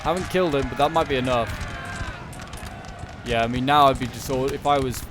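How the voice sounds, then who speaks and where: A man giving relaxed, unscripted commentary on a strategy game battle, thinking aloud with frequent pauses. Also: mid-range voice, over music.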